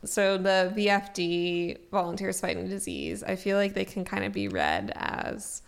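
A woman's voice: medium pitch, animated, measured pace, gravelly. A young woman co-hosting a podcast, talking thoughtfully and casually about books. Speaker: podcast co-host. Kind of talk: casual book discussion.

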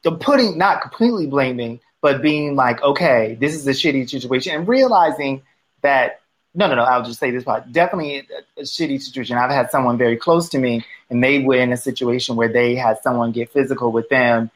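Halting, reflective woman in casual talk. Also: rumbling low, rough recording. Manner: halting, restarts often, reflective. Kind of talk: casual conversation.

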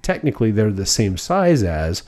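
Lively-voiced male podcast co-host. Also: on the low side, normal speed. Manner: explains at length with fillers and restarts. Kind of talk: casual chat.

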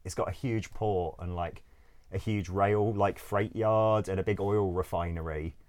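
A man's voice: low-pitched, fairly even intonation, unhurried, a little mellow. A man telling a travel story in a loose, rambling way, laughing often, swearing freely and filling gaps with "like" and "um". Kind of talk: casual storytelling.

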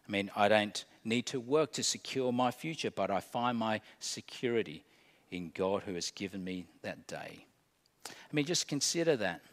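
A man preaching a sermon earnestly, moving between loud emphasis and soft, slowed phrases. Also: mid-range voice, long reverb tail. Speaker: pastor.

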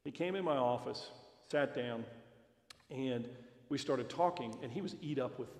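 A man speaks at a parent seminar and tells stories while acting out each side of the dialogue. His voice is gravelly. It rings with the long reverb of a hall. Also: mid-range voice, normal speed. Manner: storytelling, acts out dialogue. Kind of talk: seminar talk with anecdotes.

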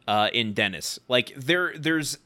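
A man's voice: mid-range voice, lively intonation, slow pace, pushed and bright. A man co-hosting a podcast, casually recapping a sitcom episode with frequent uh and um fillers. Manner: recounts plot with frequent uh and um fillers. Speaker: podcast co-host.

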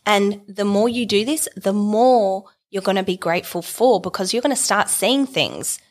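A woman's voice: medium pitch, normal speed. A woman co-hosting a podcast in casual chat, upbeat and affirming, laughing often. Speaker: podcast co-host.

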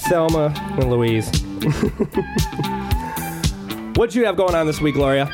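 A man's voice: a little high, huge pitch swings, slow pace, loud music behind the voice. A man co-hosting a podcast in casual chat, joking, laughing often and swearing freely. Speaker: podcast co-host.

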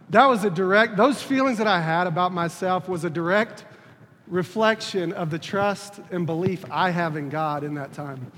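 Speaking with a high, fairly bright voice, a preacher in his 30s shares his testimony from the pulpit of a church he helps lead. He's sincere yet keeps restarting and repeating himself. A long reverb tail follows his words, with soft room noise underneath.

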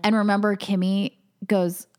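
A woman's voice: medium pitch, little pitch movement, normal speed, darkish tone. A woman co-hosting a podcast, talking casually with many fillers. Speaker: podcast co-host. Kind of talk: casual chat.

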